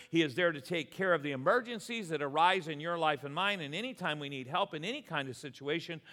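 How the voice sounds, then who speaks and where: A man preaching a sermon to his church, animated and joking, acting out little quoted exchanges. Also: on the high side. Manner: animated, jokey asides with acted quotes. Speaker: pastor. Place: church sanctuary. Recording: long hall reverb.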